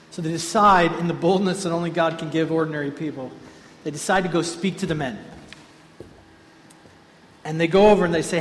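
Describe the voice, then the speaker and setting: A man delivers a sermon in a relaxed storytelling manner, his slightly raised voice carrying through a large hall with a long reverb tail. A faint room ambience sits underneath. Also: a little high, brisk, a little hiss or hum. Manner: storytelling, animated and conversational. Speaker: pastor.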